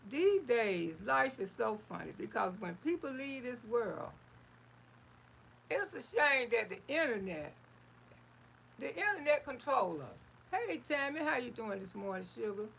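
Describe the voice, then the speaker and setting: A woman's voice: high-pitched, creaky, fairly bright tone, slight background noise, rough recording. A woman from Florida hosts a casual livestream, reading viewer comments in a folksy, affectionate way and calling listeners honey, sugar and baby. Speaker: livestream host.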